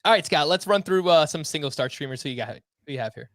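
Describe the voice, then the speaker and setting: A man hosting a fantasy baseball podcast in casual chat, upbeat and quick with banter. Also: fairly high pitch, animated, fairly bright tone, no echo, clean studio sound. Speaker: podcast host.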